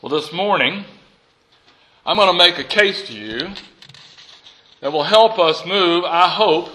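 A man preaching a sermon to his congregation in a lively, conversational way and asking them questions. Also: high voice, a little slow, a little hiss or hum, low-quality recording. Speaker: pastor. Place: church.

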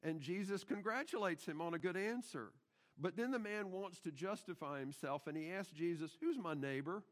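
Pastor guy preaching in church, slightly high voice, emphatic, throws questions at the people. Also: animated, moderate pace. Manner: emphatic, asks the congregation rhetorical questions. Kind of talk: sermon. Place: church sanctuary.

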